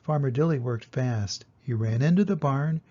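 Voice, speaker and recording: An older man reads a picture book aloud to children in a gentle, expressive way, lifting his voice for the exciting parts. His voice is slightly husky and sits at an ordinary pitch. The recording is dull and lo-fi. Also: moderate pace. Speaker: storybook reader.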